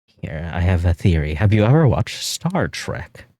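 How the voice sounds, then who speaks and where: Deep dude with a neutral american accent rambling on stream, swears a lot, voice pops way up when he jokes, super dry mic. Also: sing-song, measured pace, a little mellow, no echo. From California. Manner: rambling, loose, swears often, laughs a lot, voice jumps high when joking. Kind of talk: casual livestream chat while drawing.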